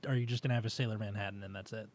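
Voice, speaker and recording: A man's voice: on the low side, fairly even intonation, very fast, no room sound. A man from California co-hosting a comedy podcast, talking in a laid-back, casual way with easy swearing. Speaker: podcast co-host.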